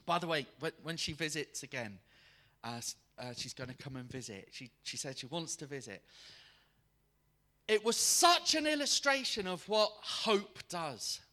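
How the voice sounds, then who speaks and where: A man preaching a sermon to a congregation, telling a personal story in an animated way and acting out the people in it. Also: fairly high pitch, a little slow. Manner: animated, acts out quoted voices. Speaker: guest preacher.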